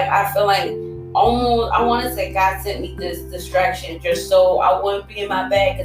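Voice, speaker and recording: Blunt, profane woman telling her story. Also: fairly low pitch. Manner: blunt, profane and emotional, laughing often. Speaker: storytelling host. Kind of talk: candid personal storytime. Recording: echoey room, voice far from mic.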